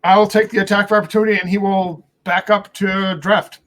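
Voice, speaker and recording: A man's voice: high voice, flat delivery, fairly quick, fairly bright tone. A man playing a tabletop game, asking questions and checking rules. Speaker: player.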